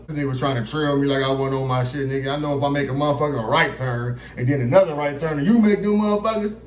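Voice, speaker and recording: A man telling a story from his own life in a casual, animated monologue, swearing freely and acting out what other people said, in a room with some echo. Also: on the high side, quick pace, slight background noise. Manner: animated, profane, acts out quotes of others. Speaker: vlogger telling a personal story. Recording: roomy echo.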